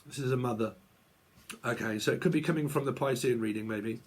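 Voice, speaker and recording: A man's voice: medium pitch, brisk. A man giving a casual tarot reading to camera at home, swearing often, laughing, and acting out both sides of imagined arguments. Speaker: tarot reader.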